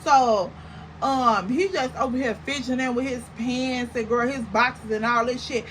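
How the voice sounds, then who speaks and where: This storytime vlogger, a young woman, talks unhurriedly to camera with a bright, slightly high voice. She's slangy and animated, heaping on over-the-top comparisons, and the low-quality recording carries a faint background hiss.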